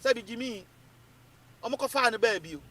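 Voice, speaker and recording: A Ghanaian man giving animated political commentary, emphatic and repetitive, switching between English and Twi. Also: very high voice, a little fast.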